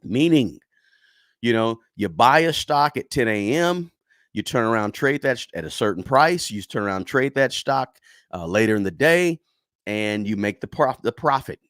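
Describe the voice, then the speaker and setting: This finance channel host has a mid-range, slightly bright voice with lively intonation and a moderate pace, recorded in clean studio sound with no echo. On his livestream he keeps things conversational, reads the chat, restarts a lot and keeps checking in with "right?".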